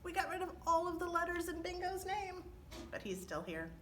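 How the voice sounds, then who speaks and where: Animated librarian woman reading to kids. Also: very high voice, slight background noise. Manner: animated, slow, asks children questions. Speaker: children's librarian. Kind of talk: storytime read-aloud.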